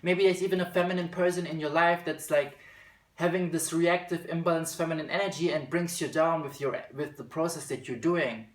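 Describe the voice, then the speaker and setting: A man's voice: fairly high pitch, fairly even intonation, a little fast, echoey room. A man giving a spiritual card reading, talking casually and at times slipping into a British accent. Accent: slips into a British accent at times. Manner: chatty, slips into reading card text aloud. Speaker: tarot reader.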